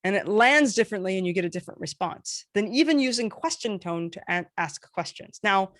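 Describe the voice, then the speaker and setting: A woman teaching a casual workshop, animated with playful asides as she demonstrates intonation. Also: medium pitch, fairly quick, no room sound, studio quality. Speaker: workshop facilitator.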